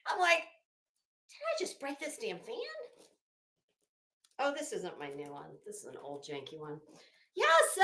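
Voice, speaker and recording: Woman host, high lively voice, profane rambling gossip chat, hot and sweaty, echoey room at home. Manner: rambling, profane, self-mocking storytelling. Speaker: host of a fashion gossip commentary show. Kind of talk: casual chatty commentary.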